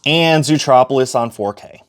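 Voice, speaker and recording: A man's voice: mid-range voice, moderate pace. A man giving a casual, chatty tour of his disc collection, with fillers and self-corrections as he goes. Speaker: collector showing his shelf.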